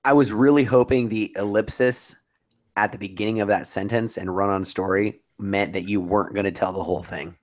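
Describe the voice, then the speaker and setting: A man's voice: on the low side, steady tone, fairly quick. A young man co-hosting a podcast in casual chat, teasing and mock-serious. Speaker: podcast co-host.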